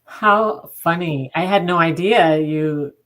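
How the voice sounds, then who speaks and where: Low-voiced enthusiastic woman co-host. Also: takes it slowly, a bit bright. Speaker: podcast co-host. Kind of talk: casual chat.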